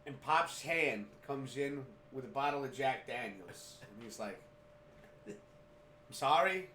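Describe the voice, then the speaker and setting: A man co-hosting a sports podcast, telling stories in casual chat with loud excited outbursts and swearing. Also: mid-range voice, a little slow, roomy sound, a little hiss or hum. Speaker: podcast co-host.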